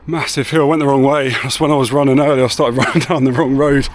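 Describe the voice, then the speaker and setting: A man with a mid-range voice and fairly even intonation talks fast as he vlogs casually, walking around town and riding in a car. He's rambling and laid-back, swearing now and then, with street noise in the background.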